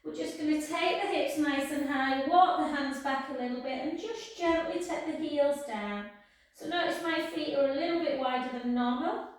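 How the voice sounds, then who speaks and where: A woman instructor guiding a pilates class with slow, soft, soothing cues. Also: sits high. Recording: echoey room, far from the mic.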